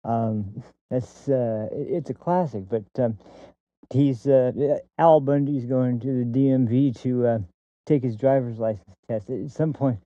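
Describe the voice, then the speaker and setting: A man's voice: mid-range voice, unhurried, no echo. Rambling man on a tinny line. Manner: rambling, full of fillers and laughs. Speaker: podcast host. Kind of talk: casual opinion podcast. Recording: dry, tinny phone-like line.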